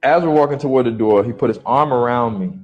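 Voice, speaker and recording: A man's voice: medium pitch, fast, lo-fi sound, faint music behind. A man retelling a personal story in a vivid, blunt and uneasy way.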